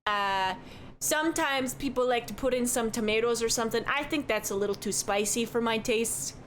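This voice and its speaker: Folksy rambling bartender man, fairly high, played by a woman. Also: normal speed, slight background noise, close to an everyday voice. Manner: folksy, rambling, keeps saying "don't you know". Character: chatty middle-aged male tavern bartender.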